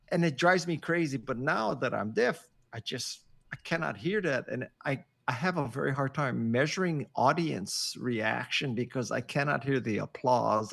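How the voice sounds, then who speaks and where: A man over sixty, a podcast guest on a video call, chatting casually as an animated, joking storyteller. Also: medium pitch, normal speed, creaky. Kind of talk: casual interview chat. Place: home office on a video call.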